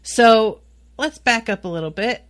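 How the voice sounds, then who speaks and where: A woman's voice: a little high, unhurried, fairly bright tone. A woman hosting a solo podcast, recapping a TV episode candidly and with exasperated, swearing asides. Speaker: podcast host recapping a TV series.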